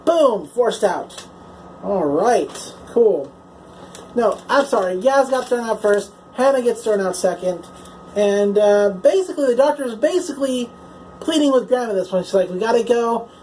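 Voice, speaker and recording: Chatty woman recapping an episode, higher voice. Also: lively intonation, moderate pace, a little mellow, slight background noise, rough recording. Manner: chatty, swears freely, lots of "like" and "you know". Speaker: TV episode reviewer. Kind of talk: casual plot recap.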